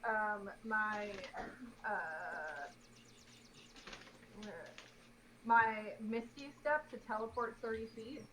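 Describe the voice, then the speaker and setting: A woman playing in a tabletop game, chatting casually with plenty of "like" and "um" and quick little laughs. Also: medium pitch, pushed and bright, slight background noise, low-quality recording. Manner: chatty, giggly, full of "like" and "um".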